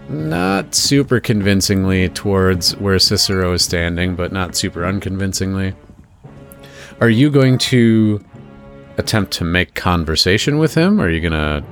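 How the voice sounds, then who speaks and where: A man narrating as game master of a tabletop game, talking in a relaxed, rambling way with many fillers. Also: lowish voice, gravelly.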